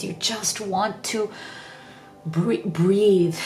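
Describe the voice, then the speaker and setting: A woman's voice: medium pitch, unhurried, darkish tone, roomy sound, faint music behind. Tearful woman giving a tarot reading. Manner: emotional, earnest, repeats phrases. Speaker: tarot reader. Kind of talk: pick-a-card tarot reading.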